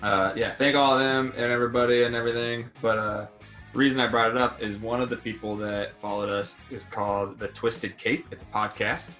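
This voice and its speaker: A man hosts a podcast and rambles casually about the show, relaxed and full of fillers. His mid-range voice moves fairly quickly, with faint music playing behind him.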